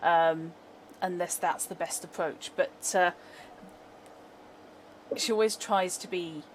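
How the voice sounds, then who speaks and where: A woman's voice: fairly low pitch, steady tone, slow, a little hiss or hum, poor audio. Wry, talkative woman at a tabletop game. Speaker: player. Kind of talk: casual chat at a tabletop game.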